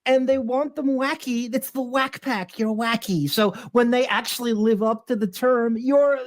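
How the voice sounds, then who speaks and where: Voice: medium pitch, normal speed, no echo. A podcast co-host needling and sarcastic in casual banter. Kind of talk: casual commentary.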